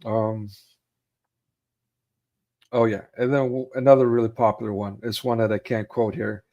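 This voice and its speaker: A man's voice: on the low side, level tone, moderate pace, mellow, highs cut off. A man in casual conversation, recalling favorite film scenes and laughing easily as he talks. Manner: retells film scenes, acting out quotes with raised voice; laughs easily, many fillers. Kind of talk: casual chat about films.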